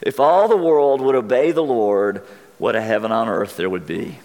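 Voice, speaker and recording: A man preaching a sermon as pastor, earnest and deliberate, his voice wearing thin. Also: mid-range voice, darkish tone, in a large hall.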